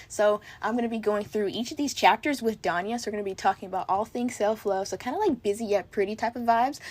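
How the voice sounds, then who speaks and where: A woman's voice: mid-range voice, a little mellow, breathy edge. A teenage girl hosting a casual podcast interview, bubbly and upbeat, with lots of "like" fillers. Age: teens. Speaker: podcast host.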